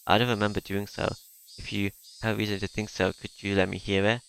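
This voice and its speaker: A man's voice: lowish voice, level tone, fairly quick, gravelly, fairly bright tone, slight background noise. A man voicing a sly, teasing teenage girl who mocks and plays innocent, in a visual novel reading. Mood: guarded. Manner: mocking, breezy, feigned innocence.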